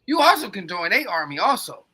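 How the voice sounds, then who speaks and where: A man's voice: sits high, big pitch swings, brisk, sharp tone, slightly rough. A man co-hosting a podcast, rambling in casual, profane, emphatic chat. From coastal United States. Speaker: podcast co-host.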